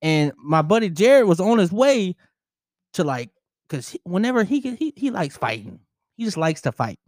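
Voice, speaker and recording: A man's voice: high voice, big pitch swings, moderate pace, no room sound. A man co-hosting a casual podcast, telling a story with laughs and lots of swearing, on a close microphone. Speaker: podcast co-host. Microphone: close studio microphone.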